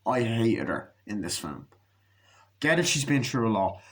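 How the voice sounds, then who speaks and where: A young man giving a casual, profane movie review, ranting and acting out scenes in quick put-on voices. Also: medium pitch, sing-song, a bit bright.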